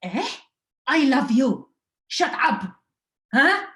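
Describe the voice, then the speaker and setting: A woman's voice: sits high, sing-song, extremely slow, a bit bright, pitched above the performer's own voice, exaggerated voice. A comedian voicing a scolding, indignant immigrant mother who talks in broken English and snaps back with repeated retorts.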